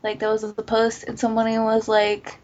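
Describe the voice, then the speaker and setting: A podcast host with a fairly high, fairly quick voice tells stories in a casual group chat, captured on a lo-fi, muffled recording. Her storytelling is animated and profane, crammed with "like".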